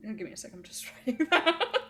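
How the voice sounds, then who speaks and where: A woman's voice: high-pitched, wildly swooping pitch, quick pace, bright, forceful tone, a little hiss or hum. A woman playing a tabletop game, chatting casually and laughing often. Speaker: player.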